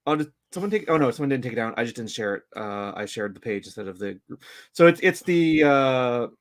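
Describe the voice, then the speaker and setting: A man co-hosting a casual chat show, talking in halting bursts with many restarts. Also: mid-range voice, lively intonation. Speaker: podcast co-host.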